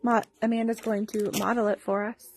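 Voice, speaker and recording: A woman's voice: medium pitch, level tone, a little fast, background noise. A woman co-hosting a shop livestream, chatting in a friendly way and explaining product details. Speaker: co-host. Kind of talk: livestream product demo chat. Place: sewing shop studio.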